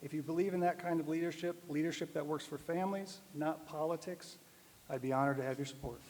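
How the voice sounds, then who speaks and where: Higher-voiced man, earnest campaign close. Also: steady tone, fast, darkish tone. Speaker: candidate. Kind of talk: closing statement speech. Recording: long reverb of a hall.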